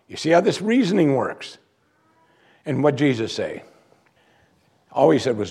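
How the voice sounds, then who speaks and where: A man's voice: mid-range voice, very animated, measured pace, gravelly, pauses often, a little mellow, slightly rough. A male pastor preaching a sermon in a church, emphatic and full of rhetorical questions.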